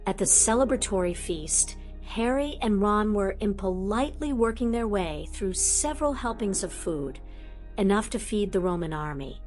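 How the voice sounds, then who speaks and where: A woman narrating a fan fiction audiobook in a measured, unhurried reading. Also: medium pitch, lively intonation, darkish tone, faint music behind.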